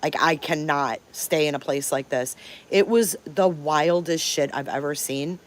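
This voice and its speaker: On her live stream, a Detroit woman in her fifties tells stories candidly, cursing and stressing her points. She speaks in a deep voice, a little on the slow side.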